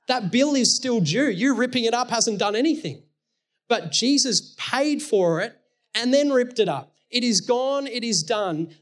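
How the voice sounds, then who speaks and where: A man's voice: sits high, a bit bright. A man preaching a sermon, earnest and explaining his points through everyday stories and scripture.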